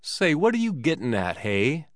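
A man's voice: lowish voice, expressive, takes it slowly, no room sound, clean studio sound. A man voicing a laconic, baffled cowboy with blunt, drawling speech, in a story reading.

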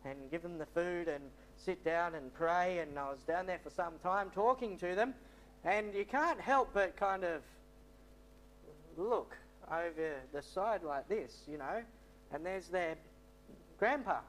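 A missionary tells a testimony story in a rambling way, repeating himself and using many fillers. His voice sits high with a fairly bright tone and an unhurried pace, and there's a little hiss or hum.

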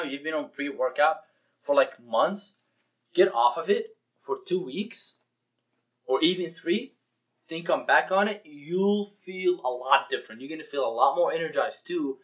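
Young male podcast co-host, slightly high voice, animated storyteller who acts out dialogue, swears freely, dull lo-fi audio. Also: normal speed. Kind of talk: casual podcast chat.

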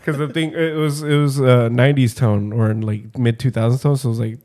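A man's voice: mid-range voice, steady tone, fairly quick, mellow. Profane rambling male podcast host. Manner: rambling, profane, laughing often. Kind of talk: casual chat.

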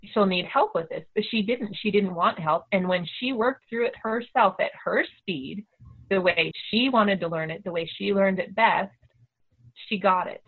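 A middle-aged homeschooling mother telling a story in a casual, animated way, acting out the voices of the people she quotes. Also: mid-range voice, moderate pace, breathy edge. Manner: animated, acts out quoted dialogue. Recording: tinny phone-like audio.

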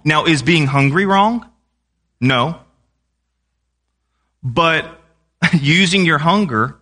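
A man's voice: a little high, bright, forceful tone. A young man preaching a sermon in a conversational way, often asking the congregation questions.

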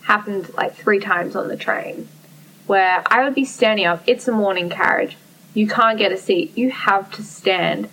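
A woman's voice: mid-range voice, a little slow, fairly bright tone, distant mic, low-quality recording. Candid young woman telling stories. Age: young adult. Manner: candid, swears freely, acts out quotes. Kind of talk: casual chat.

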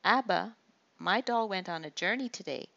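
A woman's voice: mid-range voice, expressive, normal speed, gravelly, bright, forceful tone, highs cut off. A woman doing a bubbly five-year-old girl. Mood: excited. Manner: chattering, bubbly.

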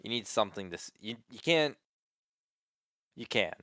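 A young man co-hosts a podcast in loose, rambling chat, full of "like" and restarted sentences. His voice sits low and smooth. The recording is dry and close, with no room sound. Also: lively intonation, normal speed, fairly bright tone, dry recording. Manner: rambling, filler-heavy, frequent restarts. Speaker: podcast co-host. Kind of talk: casual chat.

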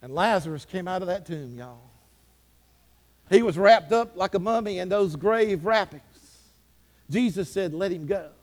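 A man preaching a sermon fervently, his voice rising and falling in pitch and loudness. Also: expressive, unhurried, pauses often. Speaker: pastor.

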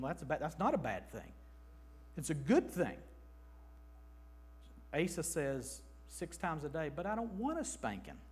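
A man in his thirties preaching an emphatic, animated sermon in a church, slipping into mock voices. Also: high voice, breathy edge. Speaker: pastor.

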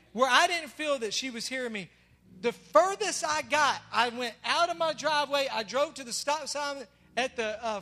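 Pastor mid-sermon, high and bright, loud emphatic declarations between soft asides, long hall reverb. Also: male voice. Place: church sanctuary. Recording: long reverb of a large hall, faint music.

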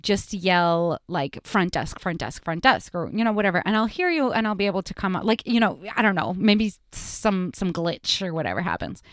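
A woman co-hosting a casual podcast chat, telling a story with lively acted-out voices. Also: fairly low pitch, moderate pace, few pauses, no room sound, studio quality. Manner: animated storyteller, acts out screaming voices. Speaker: podcast co-host.

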